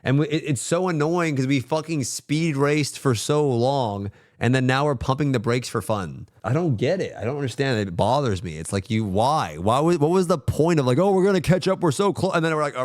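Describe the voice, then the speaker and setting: A young man streaming, ranting casually and swearing a lot, swinging between grumbling and hyped excitement. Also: medium pitch, normal speed, hardly any pauses, dry recording, clean studio sound. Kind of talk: casual livestream rant.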